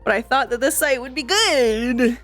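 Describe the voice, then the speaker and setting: Casting: fed-up woman streamer, higher voice, cursing and stammering, soft music underneath. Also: moderate pace. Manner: frustrated, swearing, stammering restarts. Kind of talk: casual venting to chat.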